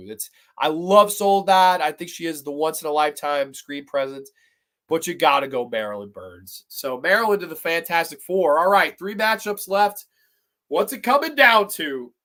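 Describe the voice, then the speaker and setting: A man hosting a live stream, talking to his chat in an excitable, profane way as he agonizes aloud over picks. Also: fairly high pitch, normal speed. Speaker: podcast host.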